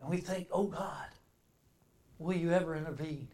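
High-voiced preacher. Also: male voice, moderate pace. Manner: dynamic preaching, swings from loud emphasis to quiet reflection. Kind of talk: sermon.

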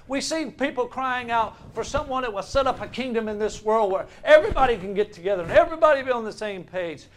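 A man preaching a sermon, reading archaic scripture passages and explaining them with emphatic, rising delivery. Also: sits high.

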